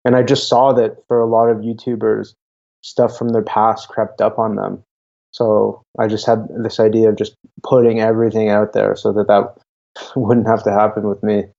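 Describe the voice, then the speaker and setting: A young man, a guest chatting casually and halting with frequent restarts. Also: on the low side, flat delivery, vocal fry, mellow. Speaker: guest, YouTuber. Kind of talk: casual interview talk. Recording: dull lo-fi audio.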